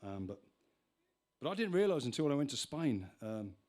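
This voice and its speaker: Very animated, with a medium pitch and darkish tone, a man talks at a moderate pace between songs during a live gig. He's a folk singer-songwriter on a venue stage, speaking into a stage vocal mic with a monitor, and his chatter meanders, repeatedly stopping and restarting mid-sentence.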